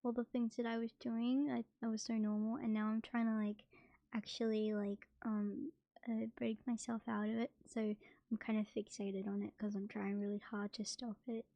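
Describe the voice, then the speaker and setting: A young woman chatting casually on a stream, soft and hesitant, with many fillers. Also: fairly high pitch, little pitch movement, moderate pace, creaky, no echo. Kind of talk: casual chat.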